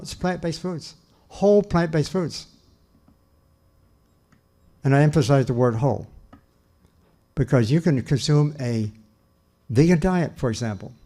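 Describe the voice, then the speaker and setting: A man's voice: on the high side, dark tone. An older man giving a public lecture on nutrition, earnest and emphatic, often repeating phrases and restarting sentences.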